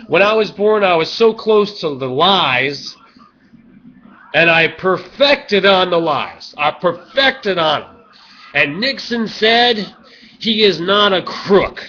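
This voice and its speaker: A man ranting in a rambling vlog monologue, swinging from low mumbles to loud, drawn-out shouting. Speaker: vlogger. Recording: dull lo-fi webcam audio.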